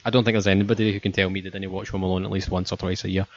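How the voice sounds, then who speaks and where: A man's voice: low-pitched, level tone, racing, a little hiss or hum. A man in casual chat, rambling and joking with a lot of swearing. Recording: muffled, lo-fi, dry.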